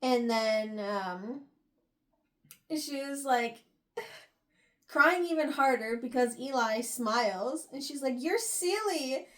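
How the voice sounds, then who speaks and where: A woman's voice: on the high side, slow pace, long pauses, a bit bright. A young woman giving a casual book recap as a podcast host, chatty and full of laughs.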